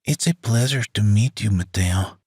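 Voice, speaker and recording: A man voicing a quick-witted young woman dancer who talks in a playful, wry way. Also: lowish voice, a little mellow, slightly rough, no echo, studio quality.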